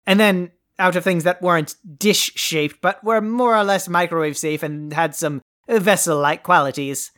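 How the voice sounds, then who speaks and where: A woman's voice: lowish voice, fairly even intonation, moderate pace, hardly any pauses, a bit bright, lightly acted. Woman doing a smug ousted evil overlord guy, grand and haughty, comedy audio play. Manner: grandiose, haughty and theatrically dry. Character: pompous deposed male evil overlord, greedy and scheming.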